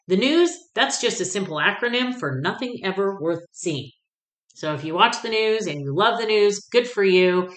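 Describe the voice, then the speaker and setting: Woman, podcast host, casual monologue, swears freely, slightly low pitch, echoey room. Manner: candid, swears freely, animated storytelling.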